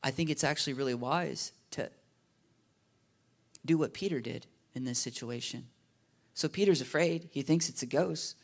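A man preaching a sermon in a casual, animated way, often checking in with his listeners with "right?" and "you know?". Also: medium pitch, normal speed, long pauses. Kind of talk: conversational sermon.

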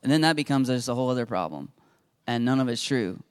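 A man's voice: mid-range voice, animated, fast, clear, resonant tone. A middle-aged man preaching a sermon as pastor, acting out Bible dialogue with rising intensity.

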